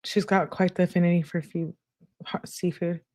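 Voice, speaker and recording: A woman's voice: on the low side, flat delivery, moderate pace, mellow, dry recording, clean studio sound. A woman hosting a true-crime channel, reading text messages aloud and adding chatty asides between the lines.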